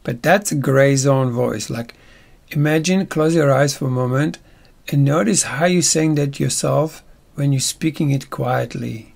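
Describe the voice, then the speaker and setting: A man's voice: mid-range voice, a little slow, creaky, a little mellow. A man teaching a workshop in a casual, playful way, often checking in with his listeners. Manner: playful, checks in with tag questions.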